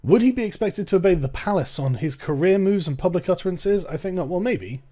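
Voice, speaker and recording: Young man, English accent, sarcastic commentary, slightly high voice, swears casually. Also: expressive, a little fast, warm tone. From England. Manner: sarcastic, swearing, breaks into mocking put-on voices and laughs. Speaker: commentary channel host. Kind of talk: casual commentary reacting to a read article.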